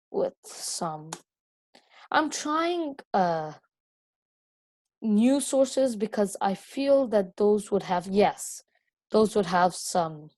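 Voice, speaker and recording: A woman's voice: medium pitch, darkish tone, no echo. A woman gives a casual coding lesson over a screen recording, rambling with lots of fillers and self-corrections. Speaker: coding tutor.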